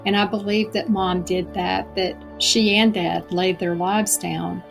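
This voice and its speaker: A middle-aged woman giving an earnest, reflective personal testimony as a podcast guest, slowing down for emphasis. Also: medium pitch, flat delivery, gravelly, faint music behind.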